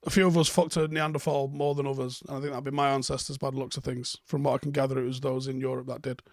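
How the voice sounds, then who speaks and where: A man's voice: medium pitch, little pitch movement, fast talker, darkish tone, no echo, studio quality. A man hosting a live stream, chatting casually and bluntly while reading out viewer comments, swearing freely.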